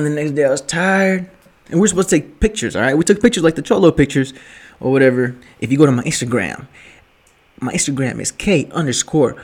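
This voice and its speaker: A man's voice: medium pitch, darkish tone. A young man casually telling a late-night story as a vlogger, rambling and profane, full of slang and jokes, drinking while he talks. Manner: rambling, profane, joking slang with 'yo' and 'bruh'.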